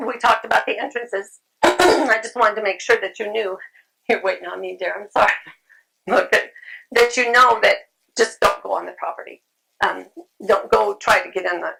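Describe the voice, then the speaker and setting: A woman's voice: mid-range voice, vocal fry, heavy background noise. Woman speaking at a convention. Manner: conversational, repeats phrases, frequent ums. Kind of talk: conference talk. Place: convention room.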